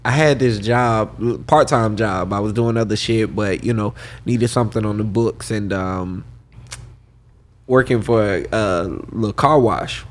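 A man's voice: fairly low pitch, unhurried. A man co-hosting a casual podcast chat in a laid-back, slangy way, telling wry stories. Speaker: podcast co-host.

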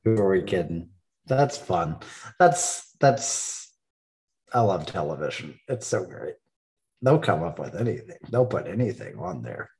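Male podcast co-host, lowish voice, sarcastic quips, laughs often. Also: sing-song, measured pace. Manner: sarcastic, laughing, jumps to loud highs. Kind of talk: casual chat.

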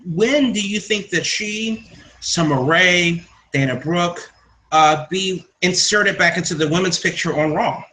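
A man co-hosting a casual wrestling podcast, quick and opinionated with jokey asides. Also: sits high, bright, forceful tone, rough recording. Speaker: podcast co-host.

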